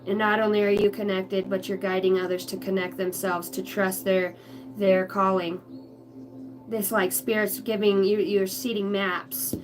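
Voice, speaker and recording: A woman's voice: mid-range voice, little pitch movement, normal speed, over music, poor audio. A middle-aged woman from the United States giving a live tarot reading at home, chatty and blunt, swearing freely. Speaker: tarot reader. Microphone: livestream device.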